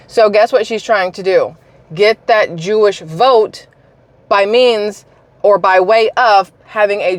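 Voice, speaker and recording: A woman's voice: mid-range voice, no echo. A woman from South Carolina with a mild Southern accent, giving sarcastic, rambling political commentary as the host of her own vlog. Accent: mild Southern American. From South Carolina, raised in Georgia. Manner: sarcastic, animated, rambling with asides. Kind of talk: casual ranting commentary.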